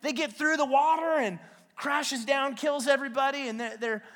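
A man preaching a sermon as a pastor, retelling scripture as a lively, slangy story. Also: very high-pitched, moderate pace. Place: church sanctuary. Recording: long hall reverb in a church.

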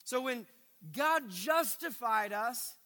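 A man's voice: very high voice, expressive, slow pace, sharp tone. A male pastor preaching a sermon to his congregation, emphatic and repeating key phrases, often stumbling over restarts. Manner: addresses the congregation directly. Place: church sanctuary. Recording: long reverb of a large hall.

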